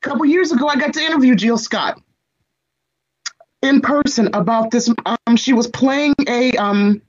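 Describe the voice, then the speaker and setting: Husky woman in her 40s, chatty guest on a talk show, kinda dull lo-fi sound. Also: fairly high pitch, normal speed. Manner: expressive, animated storyteller who addresses the host directly. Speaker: guest, entertainment reporter and screenwriter. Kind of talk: personal storytelling in an interview.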